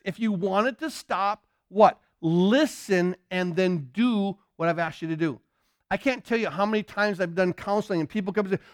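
A man's voice: high-pitched, expressive, moderate pace, dry recording, studio quality. A male pastor preaching a sermon, firing questions and answering them himself, repeating key phrases. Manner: emphatic call-and-response questioning, repeats himself.

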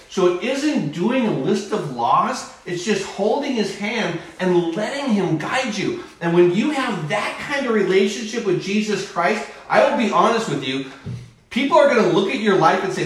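A man preaching a sermon as pastor, swinging between quick bursts and slow, quiet passages. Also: high voice, expressive. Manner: preaching with sudden swings in speed and volume. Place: church sanctuary. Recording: very echoey church hall from far off.

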